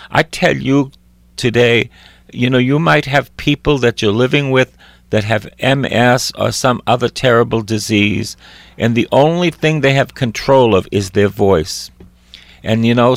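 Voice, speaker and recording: A man's voice: creaky, no room sound. A man preaching a sermon, reading scripture and acting out its voices, repeating phrases for emphasis. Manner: acts out voices in scripture, crying out high and loud.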